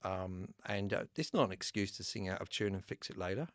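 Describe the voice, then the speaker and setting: A man's voice: deep voice, lively intonation, brisk, no room sound, clean studio sound. An Australian man hosting a live giveaway stream, chatting casually, laughing often and reading out names from the chat. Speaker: YouTube host running a live giveaway.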